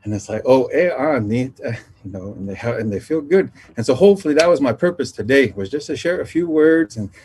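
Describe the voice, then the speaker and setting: A man, from the Nation, sharing traditional teachings in a gentle, unhurried storytelling talk that pauses and circles back. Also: medium pitch, sing-song, a little hiss or hum. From Navajo Nation.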